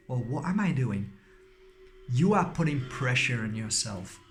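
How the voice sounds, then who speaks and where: A man's voice: fairly high pitch, lively intonation, normal speed, a bit bright, soft background music. A middle-aged man giving a spiritual workshop talk, emphatic, at times acting out anxious little voices. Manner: emphatic, acts out little voices of worry and exclaims.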